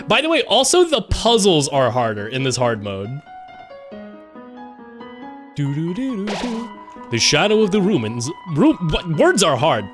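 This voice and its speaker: Rambling sweary streamer, lively pitch. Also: male voice, normal speed. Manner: rambling, sweary, humming along to the music. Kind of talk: live let's play commentary. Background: game music.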